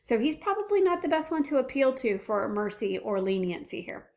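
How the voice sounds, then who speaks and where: A woman teacher reading a play aloud and pausing to explain it in plain words, with small fillers. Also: a little high, sing-song, creaky, a little mellow.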